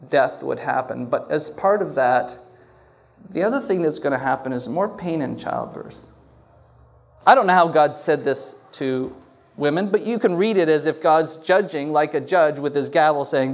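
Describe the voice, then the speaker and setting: A man's voice: on the high side, normal speed. A male pastor preaching a sermon to a congregation and putting questions to them. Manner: animated, asks the congregation questions. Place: church hall before a congregation.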